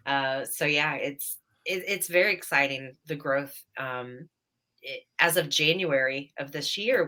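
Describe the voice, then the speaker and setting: A woman's voice: deep voice, pushed and bright. A woman guest talking casually on a radio show about training staff for ghost hunts, easygoing and chatty. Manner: chatty, easygoing, with many fillers and laughs.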